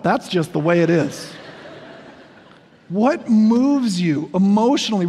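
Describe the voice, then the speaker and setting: A man's voice: sits high, breathy edge. A man in his forties preaching a sermon, speaking in a conversational, self-deprecating way with humorous asides. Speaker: pastor. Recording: long reverb of a large hall.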